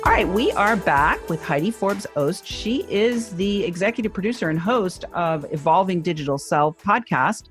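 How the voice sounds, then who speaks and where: A woman with a New England accent hosts a podcast, upbeat and playful as she leads the interview. Her voice sits on the low side and sounds dry and close to the mic. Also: no echo. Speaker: podcast host. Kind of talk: interview hosting.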